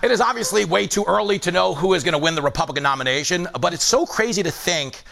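A man's voice: sits high, animated, fast, creaky, bright, forceful tone. A man hosting a late-night comedy monologue, delivering punchy, mocking jokes and acting out little bits.

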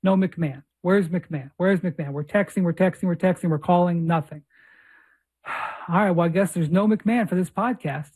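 A woman's voice: lowish voice, moderate pace, a little mellow, husky. A woman hosting a basketball podcast, telling a story animatedly and repeating phrases for effect. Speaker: podcast host. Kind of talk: casual chat.

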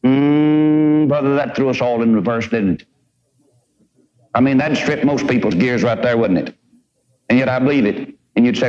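A man's voice: mid-range voice, moderate pace. Guy preaching, folksy and emphatic, muffled old tape sound. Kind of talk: sermon. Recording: dull lo-fi old tape recording.

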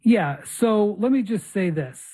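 A man's voice: sits high, lively intonation, measured pace, warm tone. A man hosting a basketball podcast remotely, telling a long rambling story in casual chat. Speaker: podcast host. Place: remote location abroad.

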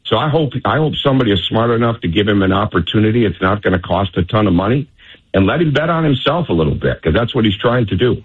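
A man's voice: lowish voice, expressive, fast talker, breathy edge. Emphatic man on a phone line. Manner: emphatic, persuasive. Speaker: basketball coach guest. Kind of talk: phone interview on sports radio.

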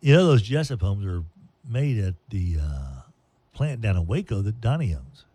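A man's voice: lowish voice, very animated, normal speed, dark tone, breathy edge, dry recording. A man hosting a talk radio show, reading sponsor ads in a chatty, rambling way. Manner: chatty, rambling, restarts mid-sentence. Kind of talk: live ad read on talk radio.

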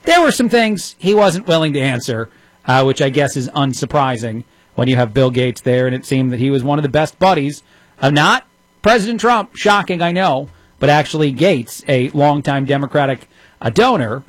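A man's voice: a little high, no room sound. A man in his thirties hosting a radio talk show, giving opinionated commentary with a sarcastic edge and many fillers. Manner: sarcastic, rapid-fire delivery with frequent fillers.

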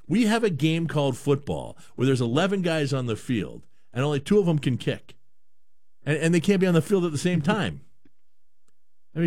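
A man hosting a radio show, chatting casually and joking with lots of restarts. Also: fairly high pitch. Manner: animated, rambling, joking with restarts. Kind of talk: casual chat.

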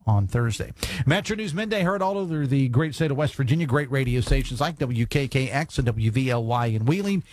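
A man's voice: mid-range voice, animated, fairly quick, darkish tone, dry recording. Chatty radio host man, dry studio sound. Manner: chatty, filler-heavy, frequent restarts. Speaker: radio talk show host. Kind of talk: live radio talk show hosting. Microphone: studio microphone.

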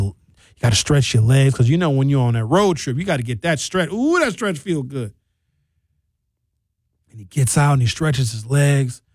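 A man from Wisconsin hosting a talk show, telling stories in a lively, jokey way and slipping into put-on voices. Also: medium pitch, dry recording, clean studio sound. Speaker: host. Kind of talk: solo commentary.

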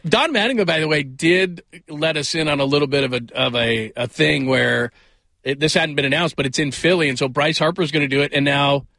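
Fill-in male sports radio host, rambling and jokey, bright voice, close dry mic. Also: a little high, brisk, vocal fry, no room sound. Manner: rambling, self-deprecating, laughs often. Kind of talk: casual sports talk radio. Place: radio studio.

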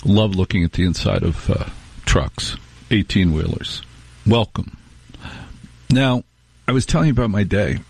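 A man's voice: fairly low pitch, lively intonation, a little slow, creaky, pauses often, a little mellow, husky. A middle-aged man hosting a talk radio show, telling rambling, wry stories with restarts in a casual monologue.

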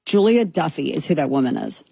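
A woman's voice: sits low, big pitch swings, fairly quick, gravelly, mellow, husky, no room sound. Mocking talk radio host woman. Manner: mocking, scornful. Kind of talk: opinionated talk radio commentary.

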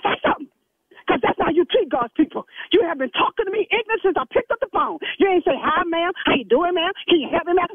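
A man's voice: very high-pitched, no echo. A man voicing a stern, sassy church secretary who scolds and preaches at a caller in a comedy phone skit, over a tinny phone line. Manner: scolding, preachy, quick to take offense. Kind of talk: comedic prank phone call.

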